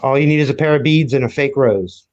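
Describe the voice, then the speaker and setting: A man's voice: mid-range voice, fast, darkish tone. Male podcast co-host from Louisiana, folksy casual chat, dull lo-fi recording. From Louisiana, USA.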